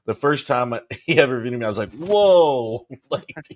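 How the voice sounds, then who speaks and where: A man's voice: mid-range voice, fast talker, a bit bright. A man co-hosting a sports podcast in casual chat, talking loosely and laughing along with the host. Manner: chatty, laughs along, repeats himself.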